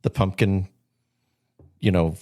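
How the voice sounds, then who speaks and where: A lower-pitched man chatting on a casual podcast. He laughs a lot and drifts into rambling anecdotes, easygoing and talkative. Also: fairly even intonation, takes it slowly, mellow. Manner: laughs often, chatty storyteller. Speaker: podcast co-host. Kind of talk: casual chat.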